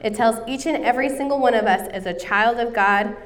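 A woman's voice: fairly high pitch, a little fast, distant mic. A woman in her thirties preaching a sermon, telling a personal story in an earnest way. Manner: earnest, storytelling, coughing now and then.

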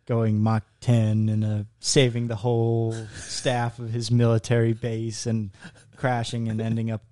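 A man's voice: mid-range voice, monotone, a little slow, warm tone, no echo, clean studio sound. A young man casually chatting about a movie with his father, laid-back and agreeable. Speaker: co-host, son. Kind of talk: casual movie review chat.

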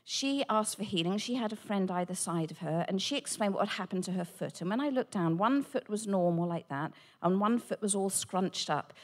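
A woman, a Christian speaker, telling a personal testimony with animated storytelling and acted-out dialogue. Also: medium pitch, normal speed, hardly any pauses. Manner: animated, acts out quoted dialogue.

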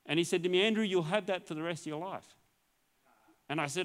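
A man's voice: on the high side, fast, fairly bright tone. A male pastor telling his healing testimony as a sermon, acting out the dialogue in a storytelling way and laughing often.

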